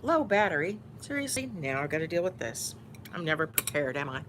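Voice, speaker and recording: A YouTuber from Houston, Texas, with a Texan Southern accent, chats casually while eating on camera, teasing and acting mock-bossy. Her voice sits low and a bit bright, very animated and fairly quick, with a little hiss or hum on the recording.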